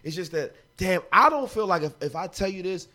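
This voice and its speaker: A man in his thirties co-hosting a podcast, joking loudly and laughing often in casual chat. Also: sits high, lively intonation, fairly quick, a crowd in the background. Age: 30s. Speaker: podcast co-host.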